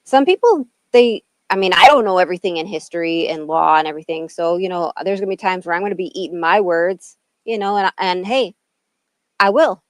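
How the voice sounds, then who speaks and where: Brief: middle-aged woman from Illinois, podcast co-host, lowish voice, dry close sound, talks in tangents. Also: fairly quick, dry recording. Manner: chatty, rambling with side tangents. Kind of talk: casual chat.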